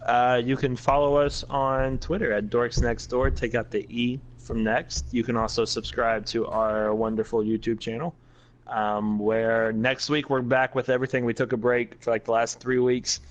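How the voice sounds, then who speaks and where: A young man co-hosts a casual podcast, chatting easily with a dry, teasing sense of humor. He talks in a relaxed, offhand way. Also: mid-range voice, normal speed, low-quality recording. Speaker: podcast co-host. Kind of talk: casual chat.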